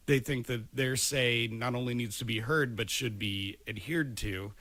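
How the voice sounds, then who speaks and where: A man's voice: medium pitch, a little slow, pushed and bright, no room sound. A man hosting a podcast in casual chat, rambling and opinionated. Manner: rambling, opinionated, laughs easily. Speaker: podcast host.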